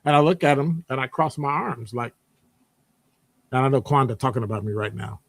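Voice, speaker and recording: A man talking casually in a rambling monologue, animated and digressive, jumping into high voices when quoting people. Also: a little fast, no echo. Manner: conversational, digressive. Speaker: podcast host; academic department member.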